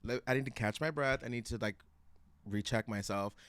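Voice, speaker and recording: A young man tells his story with sassy, playful flair. His voice sits at an ordinary pitch for a man. The sound is close and dry, recorded in a hotel room. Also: brisk, fairly bright tone, dry recording. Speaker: guest, best friend. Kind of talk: casual chat.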